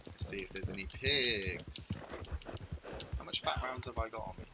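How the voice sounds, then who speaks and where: A man's voice: lowish voice, normal speed, noisy background. A man hosting a casual gameplay video, chatting in rambling asides while he plays. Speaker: host.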